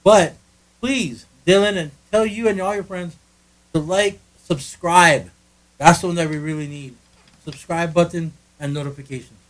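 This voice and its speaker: A man's voice: fairly high pitch, moderate pace, rough recording. A man co-hosting a casual podcast from a friend's living room, rambling and joking with lots of restarts. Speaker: podcast co-host. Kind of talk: casual chat.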